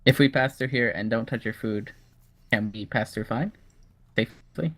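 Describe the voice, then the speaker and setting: A man's voice: medium pitch, normal speed, a bit bright. A man playing a tabletop game, talking easygoing and in character. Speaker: player. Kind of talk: casual tabletop play.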